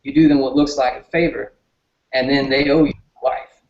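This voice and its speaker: Southern man, interview guest, earnest and low-key; echoey, muffled recording. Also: steady tone, normal speed, vocal fry, darkish tone. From southern United States. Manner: earnest, toned-down delivery. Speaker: guest, political candidate. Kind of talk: casual interview talk. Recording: roomy, dull lo-fi sound.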